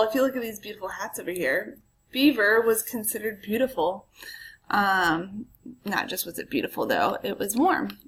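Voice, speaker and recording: A woman's voice: mid-range voice, a bit bright, rough recording. A woman history teacher giving a casual recorded lecture, chatty and full of ums, with asides to her students.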